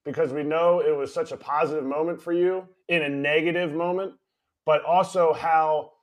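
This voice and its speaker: A man's voice: a little high, steady tone, normal speed. Man asking a rambling question. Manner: hesitant, rambling question with fillers. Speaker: podcast host. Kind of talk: casual interview questions.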